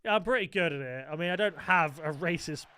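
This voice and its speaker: A man's voice: a little high, a little fast, pushed and bright. A man live-streaming a football video game, chatting casually and joking with his viewers. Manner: banters with chat, jokey, self-described moaner.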